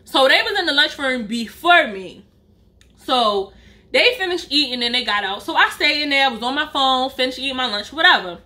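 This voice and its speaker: Bright, high-voiced woman telling a story. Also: normal speed. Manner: animated, slangy, acts out quotes. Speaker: storyteller vlogger. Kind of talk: casual storytime chat.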